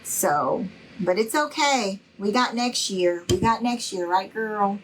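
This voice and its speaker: Woman, middle-aged, slow, chatty live craft tutorial. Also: mid-range voice, expressive, a little hiss or hum, rough recording. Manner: chatty, reassuring, greets viewers by name. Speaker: craft instructor.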